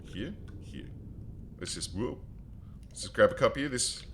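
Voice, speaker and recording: A man's voice: mid-range voice, lively intonation, normal speed, background noise. A man streaming a strategy game, chatting casually and joking as he talks to his viewers and to his in-game characters. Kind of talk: casual let's-play commentary.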